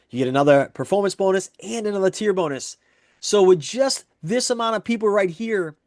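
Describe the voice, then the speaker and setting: A man with a fairly high voice gives an eager sales presentation. He walks through one example after another and repeats the same points as he builds the pitch. The sound is dry and close. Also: no echo. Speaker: network marketing presenter.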